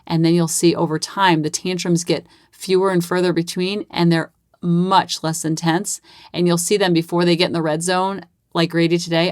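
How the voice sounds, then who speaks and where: A woman's voice: on the low side, little pitch movement, moderate pace, no echo, studio quality. A woman in her thirties hosting a parenting podcast, chatting in an upbeat way. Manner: chatty, upbeat, acts out kids' voices. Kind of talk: casual solo podcast talk.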